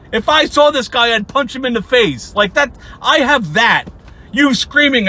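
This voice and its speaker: A young man with a high, bright voice rants as a channel host, mocking his target with sarcasm and plenty of swearing. He laughs often as he talks. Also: expressive, normal speed. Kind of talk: angry ranting commentary.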